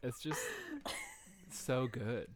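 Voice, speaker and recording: A man co-hosting a podcast in casual chat, relaxed and amused, matter-of-fact in his corrections. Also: mid-range voice, very slow, slight background noise. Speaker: podcast co-host.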